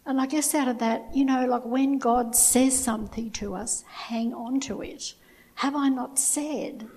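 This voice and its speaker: Husky, gravelly Bible-teaching woman. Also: on the high side, warm tone, rough recording. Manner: retells scripture with personal asides.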